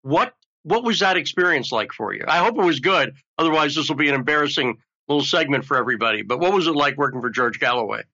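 A male talk show host rambling along in a joking, chatty way. His voice sits a bit high and sounds bright and forward. The audio is somewhat muffled and lo-fi. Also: animated, fast, hardly any pauses. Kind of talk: casual talk show chat.

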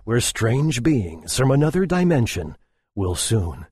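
A man's voice: mid-range voice, sing-song, measured pace, a little mellow, breathy edge, no echo, clean studio sound. A middle-aged man hosting a radio talk show, sardonic and opinionated in his delivery. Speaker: radio host.

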